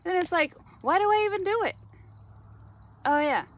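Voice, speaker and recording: A woman talking straight to her viewers in a rambling spiritual monologue, animated, laughing often and swearing freely. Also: very high voice, moderate pace. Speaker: spiritual vlogger.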